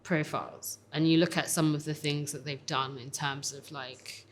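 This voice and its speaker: Casual, low-voiced young-sounding woman barrister. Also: moderate pace, slight background noise. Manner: casual, animated, many fillers. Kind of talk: documentary interview.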